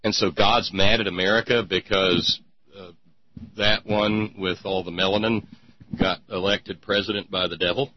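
A man's voice: low-pitched, steady tone, normal speed. A man hosting a sarcastic commentary show, rambling with lots of fillers. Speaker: host. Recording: dull lo-fi podcast mic.

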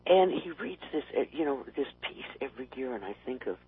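Male co-host, husky lowish voice, wry, heard over a thin phone-line sound. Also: animated, brisk. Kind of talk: casual political talk radio chat.

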